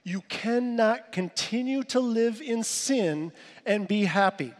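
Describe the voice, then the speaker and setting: A man's voice: sits high, slow pace, in a large hall. A man preaching as a pastor, emphatic and repeating his key phrases for weight. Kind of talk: sermon.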